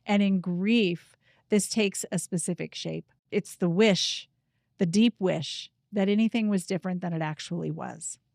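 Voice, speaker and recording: A middle-aged woman speaking earnestly and from the heart, leading listeners through a calm guided practice. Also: lowish voice, unhurried, gravelly, no room sound, clean studio sound. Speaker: grief coach and host. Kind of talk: reflective personal talk and guided practice.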